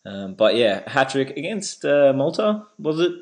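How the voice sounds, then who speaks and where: A man's voice: mid-range voice, sing-song, measured pace, poor audio. A man co-hosting a casual sports podcast, joking and laughing, often repeating words as he goes. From Australia. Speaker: podcast co-host.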